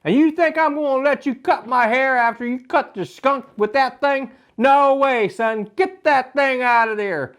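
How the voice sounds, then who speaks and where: A man's voice: high voice, lively intonation, moderate pace, fairly bright tone. A man doing his blunt, skeptical old dad. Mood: dismissive. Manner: blunt, dismissive. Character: gruff skeptical father, older man.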